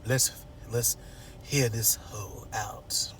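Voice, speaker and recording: A man's voice: mid-range voice, fairly even intonation. A man whispering as a haughty rich woman. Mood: contemptuous. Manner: hushed, slow and cutting. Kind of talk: whispered role-play.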